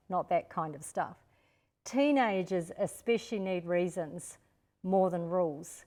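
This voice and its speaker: Her voice fairly low in pitch and a little mellow, an older Australian woman talks unhurriedly in a live-streamed parenting seminar. She gives practical advice directly to parents, acting out what they should say to their children.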